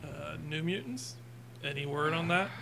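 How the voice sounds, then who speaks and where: Man, podcast co-host, gravelly, somewhat high, dry one-liners, faint hum. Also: lively intonation, moderate pace, a crowd in the background. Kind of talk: casual chat.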